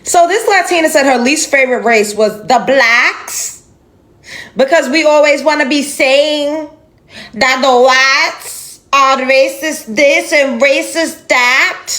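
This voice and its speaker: A woman's voice: high voice, takes it slowly, a bit bright. A woman giving an emphatic, indignant reaction commentary on a video clip, with exasperated sighs.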